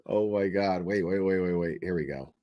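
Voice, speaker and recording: A man hosting a reaction commentary, sarcastic and quick to laugh. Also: sits low, highs cut off, very noisy. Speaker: commentary host.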